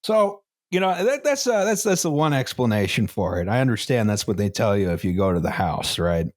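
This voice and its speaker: A man co-hosting a podcast, telling a history story in casual chat, often laughing and pausing on fillers. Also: fairly low pitch, big pitch swings, dry recording, clean studio sound. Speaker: podcast co-host.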